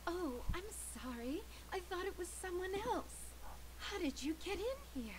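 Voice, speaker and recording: A woman's voice: extremely high pitch, very animated, a little slow, slight background noise, full character voice, poor audio. An actress playing a wary, defensive woman hiding in a hotel room, speaking in a curt, guarded way.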